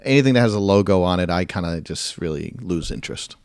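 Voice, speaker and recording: A middle-aged man co-hosts a sports chat in a relaxed, rambling way, full of fillers and gentle teasing. His voice sits a bit low, and the room is dry with no echo. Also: fast talker, clean tone. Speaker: sports show co-host. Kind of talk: casual sports talk.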